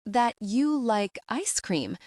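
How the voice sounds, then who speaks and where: A woman narrator voicing a gentle, earnest young woman in an audiobook, speaking softly and slowly. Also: mid-range voice, lively intonation, no echo, clean studio sound, lightly acted. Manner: soft, slow and tender. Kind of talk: audiobook dialogue.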